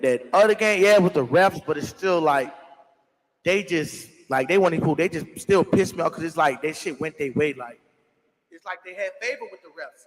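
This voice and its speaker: A man hosting a casual livestream, ranting in a rambling, slangy, profane way. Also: on the high side. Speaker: livestream host. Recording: echoey room with long reverb.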